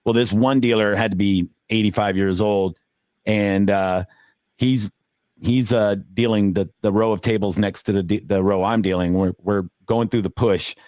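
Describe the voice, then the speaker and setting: A middle-aged man on a podcast telling casual stories about dealing poker. He swears freely and acts out the quotes, with sudden jumps up in pitch. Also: fairly even intonation, moderate pace, a little mellow, no room sound, studio quality. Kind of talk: casual storytelling.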